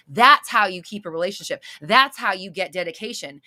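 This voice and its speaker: A woman's voice: mid-range voice, expressive, brisk, few pauses, pushed and bright. A woman hosting a live-stream Q&A as a manifestation coach, blunt and emphatic, repeating her points and swearing casually. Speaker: manifestation coach answering viewer questions.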